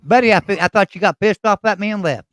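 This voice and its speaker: A man's voice: sits high, fast, fairly bright tone, no echo. A man with a West Virginia Appalachian accent, hosting a casual chat and telling rambling, folksy stories. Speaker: host.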